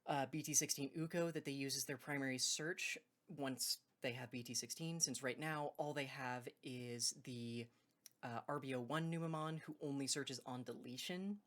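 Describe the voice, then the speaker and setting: With a bass voice at normal speed, a woman opens a card game video in a casual, unscripted intro. She is a host and tournament judge who rambles, corrects herself mid-sentence, hiccups and laughs between points.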